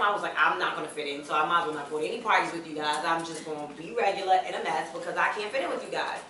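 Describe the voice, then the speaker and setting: A young woman on a panel, telling an animated story in which she acts out other people's voices and laughs often. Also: mid-range voice, background noise. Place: hotel event hall. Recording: echoey event room, mic picked up from a distance.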